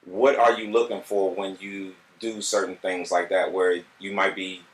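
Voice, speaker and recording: A man with a fairly low voice asks careful, probing interview questions. He sounds far from the mic in an echoey room. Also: flat delivery, moderate pace.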